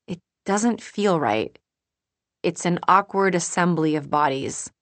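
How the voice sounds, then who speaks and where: A woman narrating a first-person audiobook in a calm, measured, introspective manner. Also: on the low side, dry recording.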